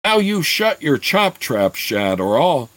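A man reading aloud voices a small, eager apprentice boy who pleads and flares up quickly. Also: on the high side, very animated, fairly bright tone, dry recording, pitched above the performer's own voice, full character voice. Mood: agitated.

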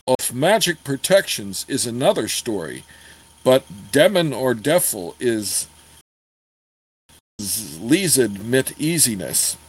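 A man voicing a greedy old dwarf weaponsmith who talks slowly in a thick accent with broken grammar, matter-of-fact and a bit cross. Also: medium pitch, husky, heavily acted.

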